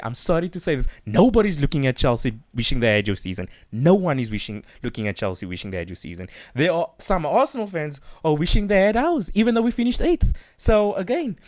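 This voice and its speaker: Excitable teasing male podcast co-host. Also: a little high, no echo, clean studio sound. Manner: excitable, teasing, repeats himself. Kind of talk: casual football chat.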